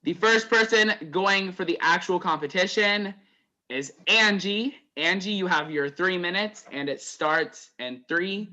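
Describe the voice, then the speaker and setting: Male host, online game night: sharp bright tone, slightly higher pitch, casual, laughs easily. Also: unhurried, low-quality recording. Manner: loose, chatty, laughs between announcements. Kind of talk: hosting over group voice chat.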